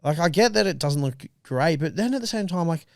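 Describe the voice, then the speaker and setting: Animated young man, casual chat. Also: on the high side, brisk, vocal fry, dry recording, studio quality. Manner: animated, swears freely, acts out kids and parents. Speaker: podcast co-host.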